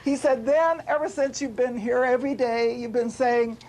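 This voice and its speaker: A woman's voice: fairly high pitch, fairly even intonation, normal speed, hardly any pauses, a little mellow, a little hiss or hum, low-quality recording. A woman telling a personal story at a spiritual retreat, heartfelt and repeating words for emphasis. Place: retreat gathering.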